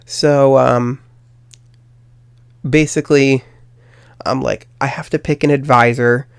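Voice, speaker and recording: Young guy podcaster, kinda gravelly, rambles a lot and roasts himself. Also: mid-range voice, fairly even intonation, slow pace, no echo, clean studio sound. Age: young adult. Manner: rambling, self-deprecating, many fillers. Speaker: podcast host. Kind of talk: casual storytelling monologue.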